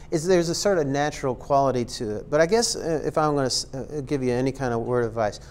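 A man's voice: mid-range voice, darkish tone, slight background noise. Rambling man teaching a tutorial. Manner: rambling and filler-heavy, many ums and likes; self-aware, jokey asides. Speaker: instructor. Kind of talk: casual screen-recorded tutorial talk.

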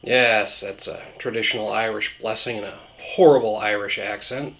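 A man hosting a beer review vlog, talking in a relaxed, rambling, self-deprecating way. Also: on the low side, moderate pace. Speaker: beer reviewer, channel host.

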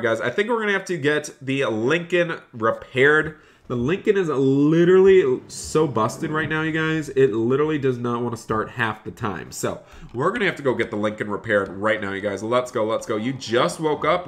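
A man's voice: mid-range voice, moderate pace. A young man streaming a driving game live, chatting to viewers and gushing with thanks for donations. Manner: excitable, gushing thanks to donors.

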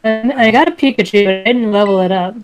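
A woman's voice: fairly high pitch, fast talker, rough recording. Woman chilling on a game stream, asks lots of questions, bit of game music under her. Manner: relaxed, curious, asks questions. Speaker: guest co-player. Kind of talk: casual gameplay chat.

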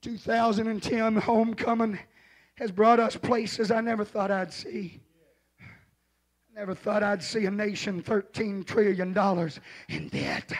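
Male pastor, very high-pitched and gravelly, shouted revival sermon in a church. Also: steady tone, a little slow. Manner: hollering preacher rising to shouted refrains.

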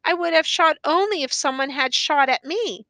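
Frightened young accused man on the stand, read by a woman; high, bright, short halting answers. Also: dry recording.

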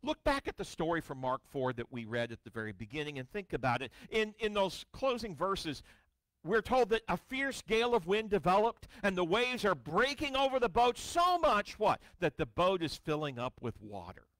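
High, lively-voiced man preaching. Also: moderate pace, dry recording. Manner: dramatic scripture reading, swings between booming and hushed; storytelling with wry asides. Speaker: pastor. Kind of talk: sermon. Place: church sanctuary.

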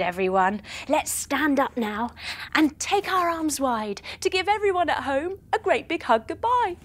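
A young woman leading a storytelling yoga class for children, playful and encouraging, with gasps and sound effects. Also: sits high. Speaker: kids yoga teacher.

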